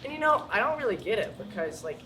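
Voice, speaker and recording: A young American man doing a stand-up comedy set, telling stories with animated, panicky acted-out moments. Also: sits high, quick pace, very noisy. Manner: animated storytelling, acts out panic. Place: school auditorium with live audience.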